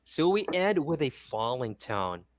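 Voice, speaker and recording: A woman's voice: rumbling low, very animated, measured pace, no echo, clean studio sound. A woman with a Filipino English accent co-hosting a playful online reading lesson as a tutor, cheerful and giggly as she reads quiz items.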